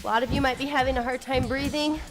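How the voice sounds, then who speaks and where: A woman's voice: sits high, fairly even intonation, fast. A woman leading a follow-along workout, coaching with upbeat encouragement while getting out of breath. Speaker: fitness instructor. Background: workout music.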